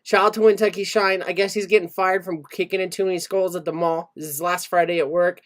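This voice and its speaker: A man's voice: sits high, level tone, fast. Joking male podcast host. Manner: joking, laughs often, reads out chat shout-outs. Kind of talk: casual podcast chat.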